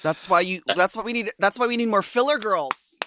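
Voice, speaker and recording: A man's voice: high voice, brisk, bright, forceful tone, dry recording, clean studio sound. A man co-hosting a casual podcast chat, campy and teasing, with frequent giggles. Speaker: podcast co-host.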